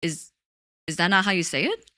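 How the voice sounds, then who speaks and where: A woman's voice: on the low side, no room sound, studio quality. A woman VTuber streamer whose first language is Mandarin Chinese, with a slight mix of Southern US and British vowels, chatting casually and reading chat aloud on a desk mic. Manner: animated, quick to laugh, talks to chat.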